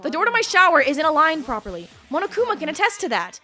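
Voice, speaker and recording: A woman's voice: high voice, very animated, fast talker, sharp tone, faint music behind, pitched above the performer's own voice, full character voice. A woman reading the lines of an earnest teenage boy student in a game, steadily explaining his reasoning.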